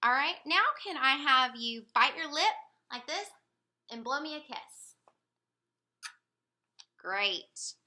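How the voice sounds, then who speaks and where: A woman running a motor speech examination, giving calm step-by-step instructions. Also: high-pitched, slow, pauses often. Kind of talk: clinical motor speech exam.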